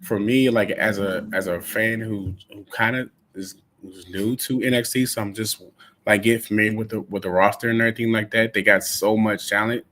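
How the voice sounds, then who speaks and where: A man's voice: fairly low pitch, steady tone, normal speed, fairly bright tone. A man co-hosting a casual wrestling review podcast, hesitant and repeating his words. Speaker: podcast co-host.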